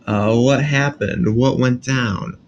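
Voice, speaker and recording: A man's voice: medium pitch, fairly even intonation, slow pace, lo-fi sound, a little hiss or hum. A man co-hosting a casual podcast, chatting in a rambling, jokey way full of fillers and restarts. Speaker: podcast co-host.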